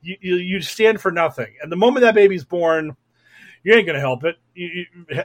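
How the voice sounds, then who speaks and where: A man's voice: sits high, moderate pace. A young man hosting a podcast, talking casually and sarcastically, swearing, stammering and restarting, and working himself up into angry rants. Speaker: podcast host. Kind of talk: casual political podcast rant.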